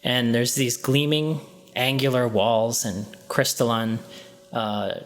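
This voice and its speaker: A man's voice: mid-range voice, little pitch movement. Man narrating as game master. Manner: slow descriptive second-person narration with frequent ums and restarts.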